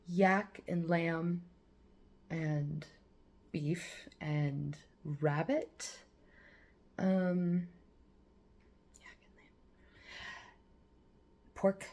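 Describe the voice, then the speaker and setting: Cooking at home for her vlog, a woman with a lowish, darkish voice chats and rambles casually, swearing freely. The audio is poor.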